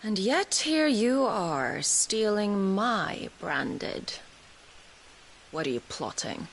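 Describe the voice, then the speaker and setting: An actress playing a cruel, scheming woman commander in a video game, speaking slowly in a taunting, teasing way. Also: mid-range voice, big pitch swings, slight background noise. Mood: interrogating. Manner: slow, taunting, teasing delivery.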